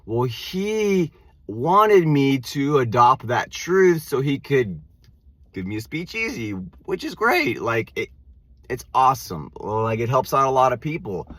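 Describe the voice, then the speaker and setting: Slow-talking man who stutters. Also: medium pitch, very animated, no echo. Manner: stutters, with repeated words and restarts; casual, says "like" and "dude" often. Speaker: channel host. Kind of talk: reflective self-help monologue.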